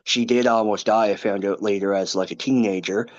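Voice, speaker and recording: A man in his thirties, a podcast guest, recounting a personal story in an earnest, halting way with many asides. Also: on the low side, fairly even intonation, lo-fi sound. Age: 30s.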